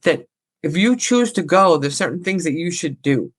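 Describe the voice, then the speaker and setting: A woman's voice: fairly low pitch, animated, normal speed, husky. Rambling woman psychic medium. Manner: rambling, relays spirit messages. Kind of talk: casual paranormal chat.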